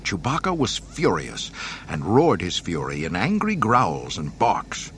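Low-voiced expressive audiobook narrator. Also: male voice, a little slow, a little hiss or hum. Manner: dramatic, expressive storytelling. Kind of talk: audiobook reading.

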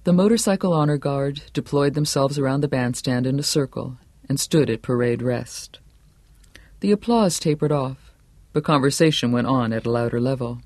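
A man narrates a novel in a steady, measured way, never rushing. His voice sits at a middle pitch. The recording is dry and close, with no room sound. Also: no echo. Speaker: audiobook narrator. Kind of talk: scripted narration.

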